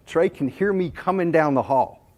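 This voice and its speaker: Animated man telling a funny story. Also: on the high side. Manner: animated, jokey, self-deprecating. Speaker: sales manager giving a talk. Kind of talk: storytelling presentation.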